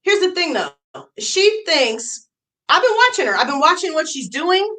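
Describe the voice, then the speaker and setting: A young adult woman ranting on a livestream, heated and profane, hammering her points by saying them twice. Her voice sits high and swings widely in pitch, with a bright, sharp edge. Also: big pitch swings, normal speed. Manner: heated, profane, repeats lines for emphasis. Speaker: YouTube streamer.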